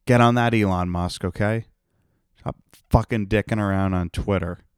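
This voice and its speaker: Young guy, low smooth voice, dry close sound; sarcastic, profane podcast host. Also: steady tone, normal speed, no room sound. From Rhode Island, United States. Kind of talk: casual solo podcast rant.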